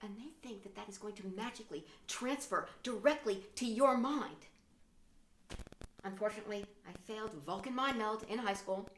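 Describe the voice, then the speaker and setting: A middle-aged woman performing a stand-up comedy monologue, theatrical, with sudden hushed whispers and mock outbursts. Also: mid-range voice, moderate pace. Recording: roomy echo.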